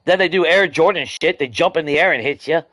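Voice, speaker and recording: A man's voice: on the high side, quick pace, a bit bright, no echo. A man streaming a video game, ranting angrily about glitches with constant swearing. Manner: angry ranting, heavy swearing. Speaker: gaming streamer. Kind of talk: live gameplay stream commentary.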